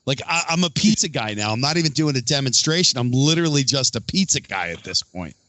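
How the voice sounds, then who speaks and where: A man's voice: medium pitch, animated, quick pace, fairly bright tone, dry recording. A man hosting a casual conversation, rambling with restarts and sarcastic asides. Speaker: podcast host. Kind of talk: casual chat.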